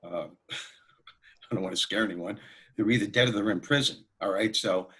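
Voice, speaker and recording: A man who is a comedian and motivational speaker, telling anecdotes as a guest in an interview in an animated way. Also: fairly low pitch, normal speed, slightly rough. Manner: animated, anecdotal, laughs while telling stories. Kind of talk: storytelling in an interview.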